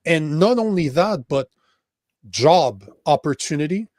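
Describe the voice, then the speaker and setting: An emphatic man with a Quebec French accent, talking politics on a podcast with a fairly high voice. He swears freely and restarts sentences as he pushes his point. The sound is dry and close. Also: expressive, measured pace, darkish tone, no echo. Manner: emphatic, profane, restarts often. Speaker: podcast host. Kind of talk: casual political chat.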